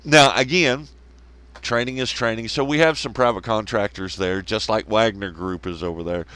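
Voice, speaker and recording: A man's voice: on the low side, moderate pace, fairly bright tone, clear, resonant tone, dry recording. A man hosting a solo commentary show, rambling, swearing a lot and laughing at his own jokes. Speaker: podcast host.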